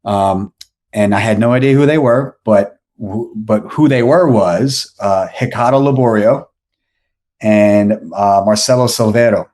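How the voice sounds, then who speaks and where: A man's voice: lowish voice, a little slow, a little mellow. A man, telling a story on a podcast as the guest, rambling with many restarts and fillers. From New York. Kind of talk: casual storytelling.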